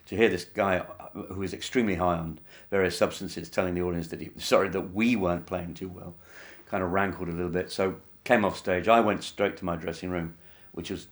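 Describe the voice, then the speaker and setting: Very low-voiced man from England, wry measured anecdotes for an interview. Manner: wry, measured, with many fillers. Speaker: interviewee, band member.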